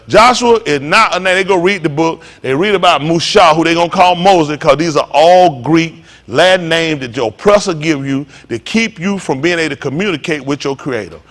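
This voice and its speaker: A man's voice: on the high side, fairly bright tone. A male pastor preaching a sermon in a blunt, heated, mocking way, swearing freely.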